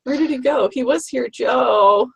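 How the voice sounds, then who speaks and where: A host of a casual group video call, reacting and talking quickly and chattily. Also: high-pitched, gravelly, a bit bright, a little hiss or hum.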